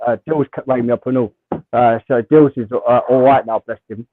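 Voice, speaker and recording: A man's voice: mid-range voice, fairly even intonation, a little fast, no room sound. Stammering man on a tinny line. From England, London. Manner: stammering, repeats words. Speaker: call-in guest. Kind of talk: casual chat. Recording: tinny phone-line call.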